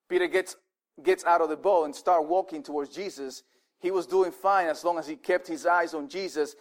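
A male pastor giving a sermon in an animated, conversational way, often restarting his words. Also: a little high.

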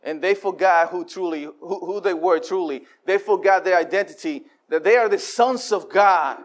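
A man preaching a sermon, animated and repeating himself as he acts out voices of the people. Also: sits high, moderate pace. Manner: frequent repetitions and restarts.

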